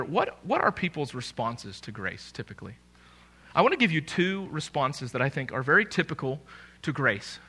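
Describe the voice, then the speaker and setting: Man, pastor, sermon, high voice, bright tone, animated, emphatic. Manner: animated, conversational preaching with emphatic rises.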